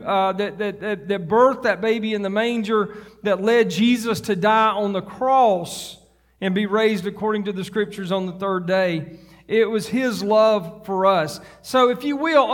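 Fervent high-voiced pastor preaching. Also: male voice, big-room sound. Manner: fervent, rising to hollering. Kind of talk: sermon. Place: church sanctuary.

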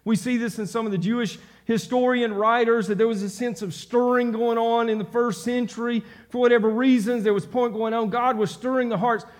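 Male pastor, high voice, fervent sermon delivery with repeated emphatic lines. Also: fairly even intonation, fairly quick, hardly any pauses. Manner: impassioned preaching, repeats phrases for emphasis. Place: church sanctuary.

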